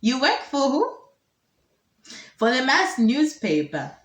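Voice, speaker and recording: A woman's voice: high voice, big pitch swings, takes it slowly, voice pushed up, exaggerated voice. Woman reading as a persistent male reporter. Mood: insistent. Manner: polite, insistent. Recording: roomy echo.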